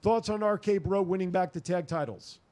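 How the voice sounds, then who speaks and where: A man hosting a podcast in casual chat, running through headlines and reading listener comments in a quick, rambling way. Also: high-pitched, warm tone. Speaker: podcast host.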